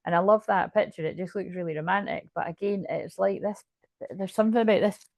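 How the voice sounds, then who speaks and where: A woman reads tarot cards casually, chatting and rambling, restarting her sentences and swearing. Her medium-pitched voice is brisk, creaky and a little mellow, and the recording is dry.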